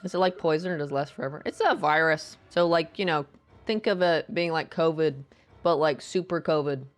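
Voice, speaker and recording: A woman's voice: low voice, fairly quick, soft background music. A woman streaming a game, chatting casually and explaining the story in a rambling way. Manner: chatty, rambling, jumps into loud reading of lines. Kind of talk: casual gameplay commentary and reading dialogue aloud.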